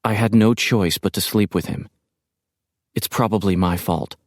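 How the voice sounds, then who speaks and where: Brief: a terrified young woman's diary voice, read plainly by a deep-voiced man, dry and close. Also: no echo. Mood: desperate. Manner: low, slow, even reading. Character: frightened young woman writing a desperate diary. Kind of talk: audiobook narration.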